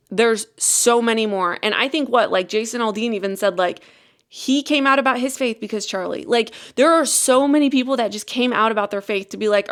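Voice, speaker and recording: A woman's voice: mid-range voice, a bit bright. A woman in her thirties hosting a casual motivational podcast, speaking with passion and repeating phrases for emphasis. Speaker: podcast host.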